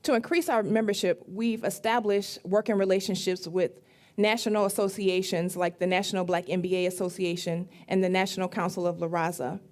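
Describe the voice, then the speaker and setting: A woman giving a measured, formal startup pitch at a demo day. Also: darkish tone.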